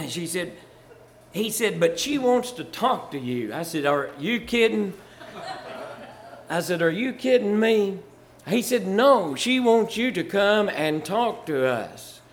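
A man's voice: sits high, sing-song, slow, a little hiss or hum. An older man from Virginia, a pastor telling church stories in a folksy way, chuckling and rising to fervor. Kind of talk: storytelling testimony.

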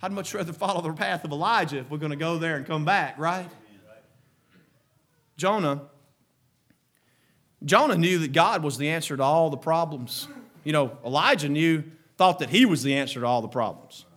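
Fervent high-voiced man preaching a sermon. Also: normal speed, pauses often. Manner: fervent, swings to shouting bursts then quieter asides, chuckles often.

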